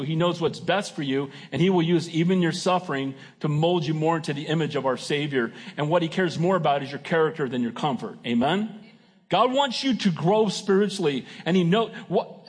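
A man's voice: on the high side, breathy edge. A man preaching a sermon as pastor, emphatic and folksy, often asking his congregation "Amen?". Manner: folksy and joking.

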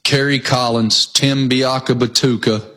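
A man's voice: mid-range voice, steady tone, a little slow, a bit bright. A man co-hosting a casual chat, talking in an enthusiastic, emphatic way. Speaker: co-host.

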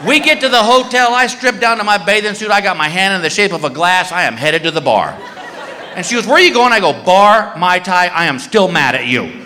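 A male comedian spins a story on stage with a high, bright voice. He is loud and animated, yelping and shouting as he acts out his bits. The sound carries the long reverb of a large hall. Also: a little fast, slight background noise. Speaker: stand-up comedian. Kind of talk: stand-up storytelling. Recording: live show in a hall with reverb.

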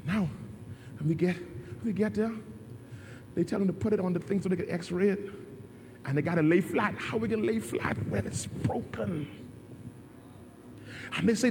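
A middle-aged man, a pastor, preaching a sermon in a dramatic storytelling way that swings from hushed to loud. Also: sits high, animated, moderate pace, pauses often, noisy background.

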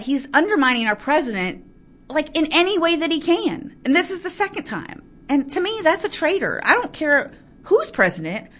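A woman with a slightly higher voice delivers a heated political rant to camera. She talks in a fired-up, aggravated way and keeps breaking off to apologize before pressing on. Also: a bit bright. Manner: fired-up, ranting, quick to get aggravated; frequent apologetic asides. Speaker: political commentator. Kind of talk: heated political commentary vlog.

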